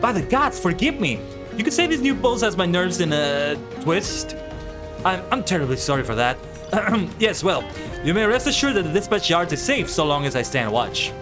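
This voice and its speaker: A jittery game guard voiced by a man in a high, strained voice that shouts halts and stiff orders. The pitch swings around as he fusses and apologizes. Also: big pitch swings, moderate pace, music in the background. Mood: flustered. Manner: stiff, barking commands. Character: jumpy, overly formal male sentry guard.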